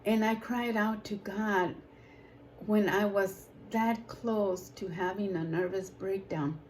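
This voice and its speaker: Woman, ministry leader, slow unhurried delivery, emotional testimony, emphatic rises, faint background noise. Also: medium pitch, steady tone, a little mellow, rough recording. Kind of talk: personal testimony.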